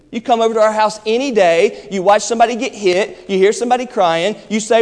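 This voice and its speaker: A pastor preaches in a church with an emphatic delivery, shifting between quick asides and slow, stressed phrases. His high voice has a darkish tone. The recording carries hall reverb.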